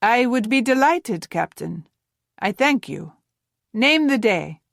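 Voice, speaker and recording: A woman's voice: on the high side, very animated, takes it slowly, gravelly, no echo, clean studio sound, pitched above the performer's own voice, full character voice. A woman narrator voicing a proud, formal Russian man who works as an exiled naval cryptographer.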